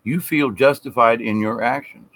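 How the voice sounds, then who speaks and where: A man's voice: mid-range voice, normal speed, a bit bright. Folksy preachy middle-aged man. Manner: folksy, preachy, mimics people in mocking voices. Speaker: vlogger. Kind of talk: rambling spiritual monologue.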